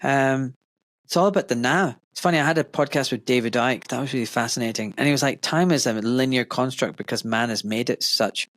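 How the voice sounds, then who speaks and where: A man's voice: medium pitch, a little fast, fairly bright tone, no room sound. A middle-aged man hosts a casual podcast chat with a mid-range voice, recorded very dry and close. He rambles enthusiastically and animates his stories with bursts of energy. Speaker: podcast host.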